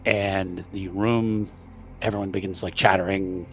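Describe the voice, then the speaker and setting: A man narrating as game master of a tabletop game in a relaxed storytelling manner. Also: low voice, measured pace. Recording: dull lo-fi recording.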